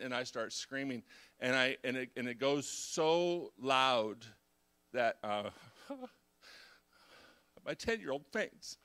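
A middle-aged pastor preaching with a bright, forward voice. He tells his confessions in a storytelling way, dropping to a hush and then climbing into loud, lively bursts. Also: mid-range voice, takes it slowly, long pauses, clear, resonant tone. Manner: confessional storytelling, swings from hushed to loud and animated. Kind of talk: sermon.

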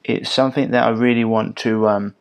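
A man's voice: medium pitch, fairly even intonation, fairly quick. A man from England hosting a health podcast, chatting casually and rambling with many fillers and restarts. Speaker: podcast host. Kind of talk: casual podcast intro and promotion.

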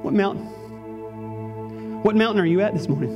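A man's voice: high voice, a little fast, lo-fi sound, music in the background. A male pastor preaching a sermon in a church, emphatic and repetitive. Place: church sanctuary.

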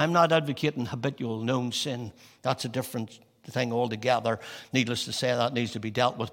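A man preaching a sermon, rising to impassioned scripture and dropping to quiet, intimate appeals. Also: medium pitch. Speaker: pastor. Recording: long reverb of a large hall.

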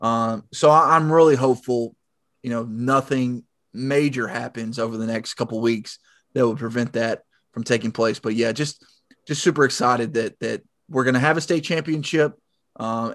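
A Southern man co-hosting a sports podcast, talking in an easygoing, chatty way. His voice sits at an everyday middle pitch. It is recorded close and dry, with no room sound. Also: normal speed, no echo. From Tennessee. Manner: chatty, self-deprecating, stumbles over words. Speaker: podcast co-host. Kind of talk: casual sports chat.

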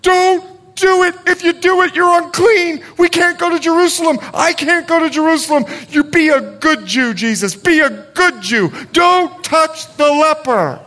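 A man's voice: sharp tone, heavily acted. A man voicing the apostle Peter as an anxious, pleading adult man who keeps to the rules. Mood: alarmed. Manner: shrill, pleading, rushed.

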